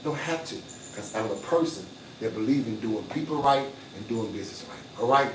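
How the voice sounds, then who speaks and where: A man's voice: mid-range voice, lively intonation, brisk, recorded from a distance, slight background noise. An older man hosting a casual livestream, boastful and hustling, with a preachy streak. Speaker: livestream host. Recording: echoey room, off-mic.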